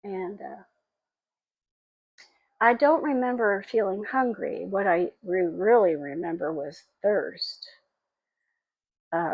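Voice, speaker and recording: A woman in her sixties speaks slowly and haltingly, pausing often as she shares memories, her emotion close to the surface. Her voice is husky with a gravelly fry, recorded dry and close. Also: on the low side, darkish tone, no echo, poor audio. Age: 60s. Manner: halting and reflective, with frequent pauses and fillers; tearful and emotional. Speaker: spiritual vlogger. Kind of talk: personal memoir monologue.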